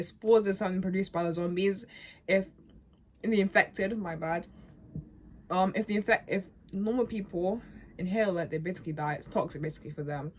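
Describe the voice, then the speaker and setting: A young woman vlogger chats casually about a game she loves in a middle-pitched voice. She rambles, restarts her sentences and corrects herself as she goes. The delivery is loose and animated. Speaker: gaming vlogger.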